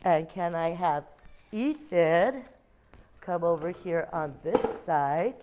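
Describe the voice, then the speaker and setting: A woman's voice: lowish voice, animated, slow pace, a little mellow, a little hiss or hum. A woman teacher leading a classroom phonics lesson for young children, sounding out letter blends and reading them a story.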